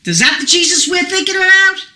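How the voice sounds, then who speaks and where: Fervent woman preacher, high lively voice. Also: a little fast. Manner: fervent, emphatic, rising to shouts. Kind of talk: sermon. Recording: echoey room.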